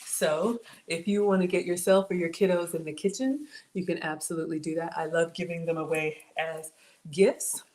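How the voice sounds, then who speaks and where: Hosting a home cooking livestream from her kitchen, a woman speaks at a moderate pace in a fairly low, darkish voice with fairly even intonation. She casually reads out viewer comments and thanks people by name, frequently saying "y'all." Her microphone is the camera's.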